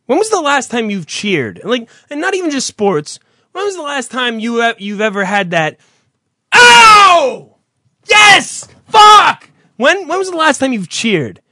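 Comic radio host, a man who heckles and swears; high, animated, dry close sound. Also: moderate pace, no room sound. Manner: teasing, heckling, swears freely. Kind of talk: comedic radio banter.

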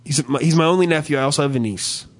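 A young adult man co-hosting a podcast, telling stories in a profane, animated, ranting way. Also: fairly high pitch, quick pace. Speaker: podcast co-host. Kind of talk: casual comedic chat.

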